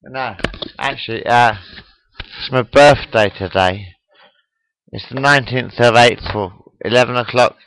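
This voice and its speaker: A man in his forties speaks slowly into a webcam at home, shaken and upset. He rambles, repeats himself and keeps putting questions to the viewer. The sound is dry and close. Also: mid-range voice, animated, a bit bright, no room sound, low-quality recording. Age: 40s. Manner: slow, repetitive, asks the viewer questions. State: upset and shocked. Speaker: webcam vlogger. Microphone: webcam microphone.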